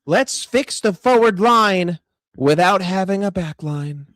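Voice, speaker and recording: A man's voice: high voice, expressive, slow pace, fairly bright tone, dry recording, clean studio sound. A man with a New York accent, ranting sarcastically and with lots of swearing in a fan commentary video. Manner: sarcastic, profane, heated. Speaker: football fan vlogger.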